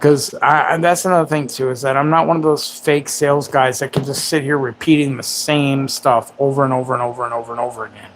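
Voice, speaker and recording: A man's voice: mid-range voice, fairly even intonation, fast, hardly any pauses, a little hiss or hum. A man in his forties hosting a livestream. He rambles in casual chat and makes crude, self-mocking jokes. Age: 40s. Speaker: livestream host.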